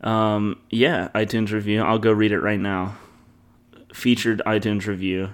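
A man's voice: on the low side, level tone, a little slow. A young man co-hosting a sports podcast in casual, rambling chat, laughing often. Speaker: podcast co-host.

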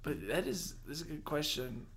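Man, podcast co-host, lively pitch, casual and profane. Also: brisk, a crowd in the background. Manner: excitable, swearing, says "dude". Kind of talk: casual chat.

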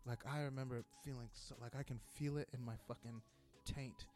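A young man tells a story in a loose, rambling way, with lots of swearing and acted-out quotes. His voice sits at an ordinary middle pitch. Faint music plays behind him. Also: a little fast. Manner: profane, rambling, animated retelling with quoted dialogue. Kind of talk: casual storytelling.

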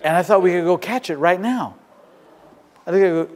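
Male pastor, high-pitched, animated storyteller; long church reverb. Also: a little fast, pauses often. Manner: storytelling, animated, swings between loud and hushed. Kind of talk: sermon. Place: church sanctuary. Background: congregation shouting.

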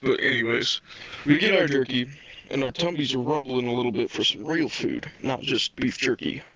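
Bright-voiced man telling a story. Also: mid-range voice, moderate pace, no echo. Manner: laughs often, swears, animated retelling. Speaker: podcast co-host. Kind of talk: casual chat, storytelling. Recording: dull lo-fi sound.

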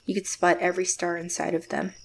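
A woman playing a reserved, gravelly Jess. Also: lowish voice, flat delivery, slight background noise, close to an everyday voice. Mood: guarded. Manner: quiet, subdued, measured. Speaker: narrator and lead character. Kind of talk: first-person audio drama narration.

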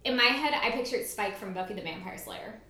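A woman's voice: a little high, a little fast, pushed and bright. A woman co-hosting a podcast, chatting bluntly about a book, swearing freely and giggling often. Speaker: podcast co-host. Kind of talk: casual book-club chat. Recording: echoey room, faint ambience.

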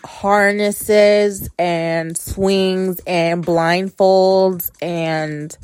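Candid slow-talking young woman. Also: fairly low pitch, fairly even intonation, a little mellow, clean tone, no echo, studio quality, soft background music. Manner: chatty, candid, filler-heavy. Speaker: podcast host. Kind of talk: casual storytelling to an audience.

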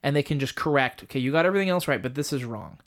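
A man's voice: medium pitch, lively intonation, racing. Man explaining step by step on a podcast. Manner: explains step by step, self-deprecating humor. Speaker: marriage communication teacher. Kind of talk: casual podcast teaching.

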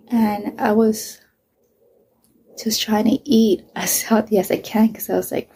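A woman's voice: mid-range voice, little pitch movement, a little slow, mellow, slight background noise. A woman in her thirties, speaking bluntly and with lots of swearing, who often drops to a whisper while telling her story. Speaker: vlogger. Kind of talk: casual storytelling.

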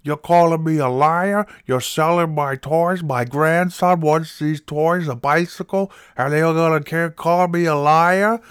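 A man's voice: fairly high pitch, unhurried, few pauses, smooth, no echo, studio quality, voice pushed up, lightly acted. A man putting on the voice of an angry, blustering older male customer on a prank call. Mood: furious. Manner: loud, indignant, blustering.

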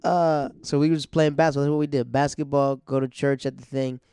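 A man in his thirties telling a personal story in a loose, rambling way, full of slang fillers, dropping his voice to a hush for quoted lines. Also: medium pitch, flat delivery, fairly quick, smooth, no echo, clean studio sound.

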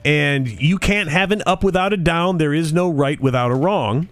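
A man co-hosting a podcast chats casually, his voice fairly high and a little bright at a moderate pace, with faint music behind him. He tells stories in a rambling, conversational way and often restarts his sentences.

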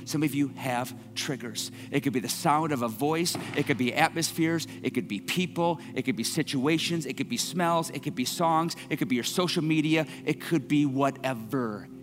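Man preaching, high voice, earnest and building, long church reverb, worship music underneath. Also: normal speed. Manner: earnest, builds from soft to impassioned, repeats key phrases. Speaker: pastor. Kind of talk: sermon. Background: instrumental worship music.

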